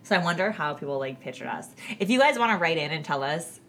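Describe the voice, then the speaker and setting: Lively woman podcaster telling stories. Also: deep voice, fast talker. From Canada. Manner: animated storyteller, acts out quotes, laughs often. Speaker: podcast co-host. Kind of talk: casual chat, storytelling.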